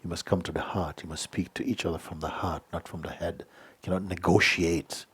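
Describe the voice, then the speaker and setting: A middle-aged man gives a gentle satsang talk in a low, deep voice. His tone is husky and a little rough. He speaks unhurriedly, keeps asking "you see?" and "hmm?", and now and then drops to a near-whisper. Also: fairly even intonation, a little fast. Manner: drops to a soft whisper at times. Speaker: spiritual teacher. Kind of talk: satsang talk answering a letter.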